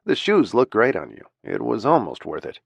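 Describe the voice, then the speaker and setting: A man's voice: medium pitch, huge pitch swings, moderate pace, vocal fry, breathy edge, no room sound, exaggerated voice. A man voicing a male lawyer who talks in a firm, reassuring way. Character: male lawyer, calm gallant rescuer.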